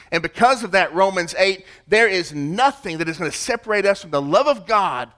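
A man preaching a sermon, emphatic, swinging between loud declarations and hushed, quiet stretches. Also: high-pitched, expressive, normal speed. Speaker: pastor.

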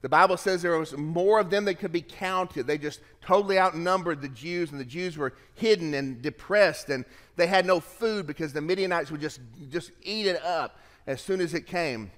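A man preaching a sermon as pastor, reading scripture aloud with lively shifts of pace and emphasis. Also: fairly high pitch, moderate pace, in a large hall.

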